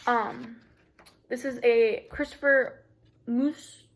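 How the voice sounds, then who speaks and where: A young woman talks through a class presentation in a loose, chatty way, dropping "you know" and "like" at every turn. Her voice sits a little high and slides into a gravelly fry at the ends of phrases. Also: fairly even intonation, slow. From United States. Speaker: student presenter.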